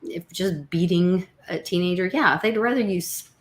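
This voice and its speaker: A woman's voice: on the low side, moderate pace. A woman in casual chat, giving firm, opinionated views. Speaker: guest co-host. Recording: roomy echo.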